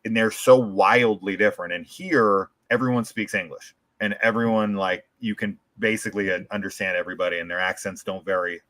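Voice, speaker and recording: A man's voice: lowish voice, fairly even intonation, fairly quick, few pauses, a bit bright, dry recording. An American man chatting casually as a podcast host, rambling with lots of "like" and restarts. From United States. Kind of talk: casual chat.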